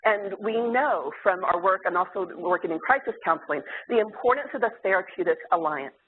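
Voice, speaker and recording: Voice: medium pitch, a little fast. A therapist giving an earnest, explanatory lecture to clinicians, with occasional fillers. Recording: tinny phone-like sound, faint hiss.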